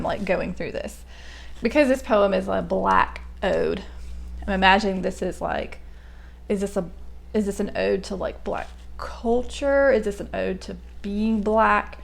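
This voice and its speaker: Young woman musing over a poem, slow and unhurried, a bit of fry in her voice, lots of ums. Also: mid-range voice. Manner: thinking aloud, hesitant, many fillers and restarts. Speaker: poetry reader and commentator. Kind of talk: casual spoken poetry analysis.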